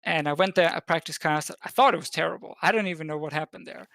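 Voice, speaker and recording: A man's voice: fairly high pitch, fast, vocal fry, fairly bright tone, no echo. A man from Denmark, a podcast guest, telling a long story in a casual chat, full of fillers and restarts. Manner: rambling, with many fillers and restarts. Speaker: podcast guest, esports caster.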